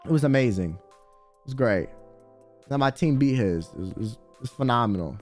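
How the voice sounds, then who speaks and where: A man's voice: mid-range voice, animated, normal speed, a little mellow, faint music behind. A man streaming, telling a story in a rambling, slangy way and swearing freely. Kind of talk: casual chat storytelling.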